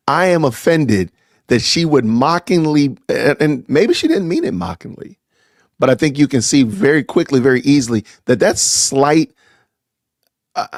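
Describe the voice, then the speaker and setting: Middle-aged male host, indignant live-stream commentary, trips over his own words, very animated pitch. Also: no room sound, studio quality. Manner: indignant, stammering, repeating himself. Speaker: podcast host.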